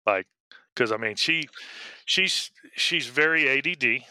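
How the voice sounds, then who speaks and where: A middle-aged man, a police dog handler, telling his story in a casual interview, halting with fillers and restarts. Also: mid-range voice, lively intonation, bright, forceful tone, dry recording.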